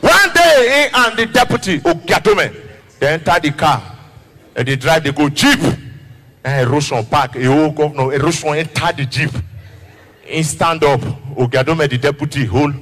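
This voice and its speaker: A man with a Nigerian accent doing animated stand-up comedy, shouting and singing as he acts out people. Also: fairly high pitch, moderate pace, big-room sound. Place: large live comedy venue. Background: loud crowd and music.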